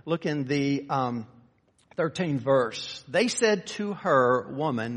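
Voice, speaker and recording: A man preaching a sermon. He builds to fervent raised passages, then drops low and quiet. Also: long reverb tail.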